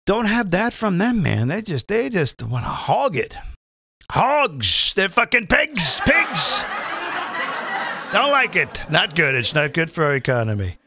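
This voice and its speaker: Animated, high-voiced comic ranting. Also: male voice, measured pace, noisy background. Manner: profane, rambling, digressive and animated. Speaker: comedian and show host. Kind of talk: live comedic rant.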